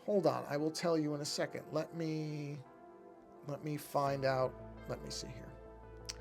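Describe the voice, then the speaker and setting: A man's voice: on the high side, fairly even intonation, measured pace, music in the background. A man chatting casually to his live-stream chat while drawing, rambling and often breaking off to fix something. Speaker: art streamer.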